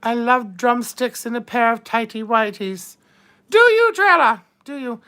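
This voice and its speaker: Brief: woman as a vain mature duchess, high-voiced, unhurried drawl, bawdy and grand. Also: lively intonation, pushed and bright. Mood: flirtatious. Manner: drawling, calls everyone darling, bawdy innuendo. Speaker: live-stream host in character. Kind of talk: live chat read-out in character.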